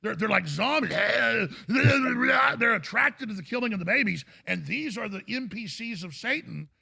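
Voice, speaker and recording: A fervent male talk show host in full rant, his voice high and heavily gravelly. The tone is bright and forceful, and his delivery is urgent and impassioned. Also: lively intonation, measured pace. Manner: ranting, fervent, bursts into shouted impressions.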